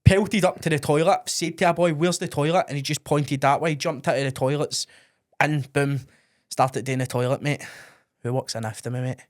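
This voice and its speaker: A man's voice: fairly high pitch, fairly even intonation, moderate pace. A young Scottish man co-hosting a podcast, telling embarrassing stories in a sweary, laughing way and saying "mate" a lot. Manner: sweary, laughing storyteller who says "mate" often. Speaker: podcast co-host. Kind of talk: casual storytelling chat.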